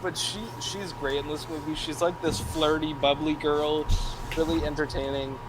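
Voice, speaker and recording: A man's voice: on the high side, flat delivery, moderate pace. Chatty man over background noise. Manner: chatty, peppered with "like". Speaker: podcast co-host. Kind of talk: casual film discussion.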